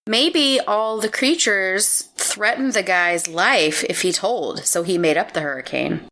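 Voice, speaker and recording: A woman's voice: mid-range voice, animated, unhurried, pushed and bright. A woman co-hosting a podcast who reacts playfully, giggles, and acts mock-exasperated. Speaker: podcast co-host guessing answers. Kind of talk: casual chat.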